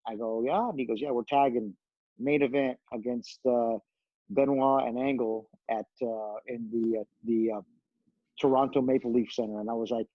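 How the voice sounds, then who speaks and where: A middle-aged man telling backstage stories in a slightly husky voice at an average pitch. He recounts them with lively energy, acting out the voices of the people he quotes. The recording is dry and a little dull, as if from a close podcast mic. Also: normal speed, dry recording. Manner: animated storyteller, acts out quoted voices, many fillers. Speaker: guest, retired pro wrestler. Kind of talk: casual storytelling interview.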